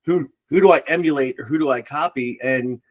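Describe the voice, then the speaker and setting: A man's voice: mid-range voice, a little fast, dull audio. A man who works as a recruiter, a guest on a casual podcast interview, answering in a rambling, hesitant way with many fillers.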